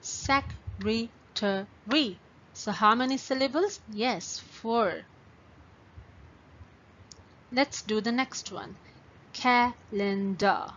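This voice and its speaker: A woman's voice: on the high side, slow pace, long pauses, a bit bright. A woman teaching a class of young pupils, patiently stretching out words syllable by syllable and giving step-by-step instructions. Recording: dull lo-fi recording with faint ambient noise.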